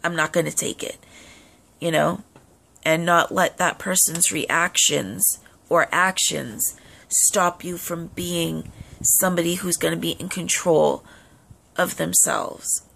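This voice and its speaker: A young woman speaks casually to her camera, giving earnest advice with plenty of "um" fillers. Her voice sits fairly low, with a gravelly fry running through it. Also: steady tone, slow, fairly bright tone. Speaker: vlogger.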